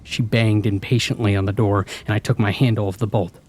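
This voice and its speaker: A man narrating a first-person horror story in a measured, hushed storytelling manner. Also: on the low side, steady tone, dry recording.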